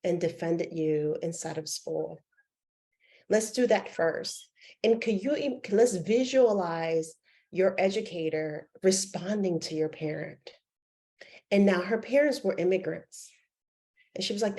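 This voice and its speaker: Female coach, mid-pitch, storytelling workshop talk over a video call, acts out quotes. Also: measured pace, darkish tone. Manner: storytelling, acting out quoted dialogue.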